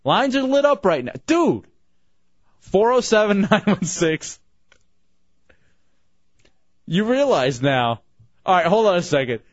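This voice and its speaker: A man hosting a radio show from the studio, fast and joking with callers and co-hosts. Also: high-pitched, sing-song, no echo. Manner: brash, joking, fast patter. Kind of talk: casual radio banter. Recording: slightly muffled radio broadcast.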